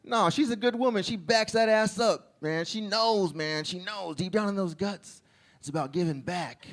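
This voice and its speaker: A man's voice: high-pitched, normal speed, a bit bright. A man doing a crude stand-up set, telling stories and laughing at his own jokes. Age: adult with a child. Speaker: stand-up comedian.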